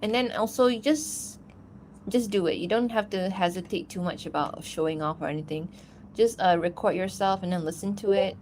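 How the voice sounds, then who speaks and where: A woman's voice: mid-range voice, moderate pace, a little mellow, a little hiss or hum. A woman animator chatting casually on a livestream, rambling and giggling, with lots of fillers. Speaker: animator streaming while answering chat.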